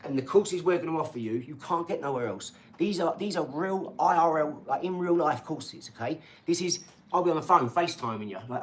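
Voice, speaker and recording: A middle-aged man, hosting a casual livestream chat in a rambling, boastful, excitable way with lots of tag questions. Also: on the high side, a little fast. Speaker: channel host reading viewer comments.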